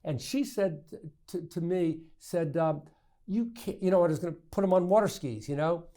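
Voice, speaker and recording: A man's voice: sits high, normal speed. A middle-aged man, a state senator, telling family stories in a candid interview, stammering and restarting as he goes. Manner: animated anecdotes, frequent restarts and stammers. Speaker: state senator, podcast guest.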